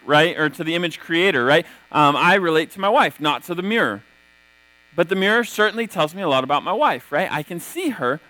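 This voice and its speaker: A man with a fairly high voice delivers a sermon in a relaxed, talky manner, dropping "right?" after many of his points. He retells scripture stories with a storyteller's energy. The sound is dry and close, with little room around it. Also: dry recording, low-quality recording. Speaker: pastor.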